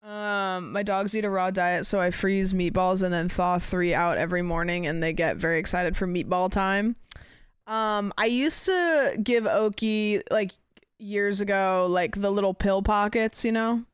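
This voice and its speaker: A woman's voice: mid-range voice, steady tone, a little slow, clear, resonant tone, no room sound, clean studio sound. A woman streamer chatting casually, telling rambling stories full of fillers and giggles. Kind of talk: casual chat.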